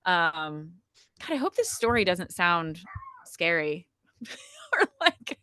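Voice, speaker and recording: Bright-voiced chatty woman telling a story. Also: fairly low pitch, slow, smooth, no room sound, studio quality. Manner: chatty, frequent "like" and "um" fillers, animated retelling. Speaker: podcast guest telling her birth story. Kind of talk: casual conversational storytelling.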